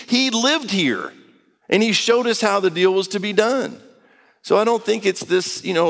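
A man's voice: on the high side, a bit bright. Conversational man preaching in a reverberant hall. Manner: conversational preaching with acted-out quotes. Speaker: pastor. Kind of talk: sermon.

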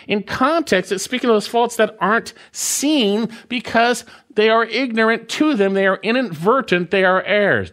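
A man's voice: high-pitched, a bit bright. A man preaching a verse-by-verse sermon, stressing and repeating key phrases. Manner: emphatic, repeats key phrases, rising and falling delivery. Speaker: pastor. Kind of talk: expository sermon.

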